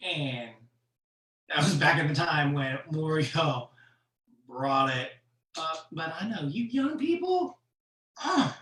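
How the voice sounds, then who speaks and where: A comedian tells stories at an unhurried, drawn-out pace, in a bright, forward voice, and laughs often at the stories. The voice sits back from the mic in a roomy, echoing space, like a home setup for an online show. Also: mid-range voice, distant mic. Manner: slow, animated storytelling with frequent laughs. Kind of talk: stand-up storytelling on a virtual show. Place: room at home for a virtual show. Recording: echoey room, off-mic.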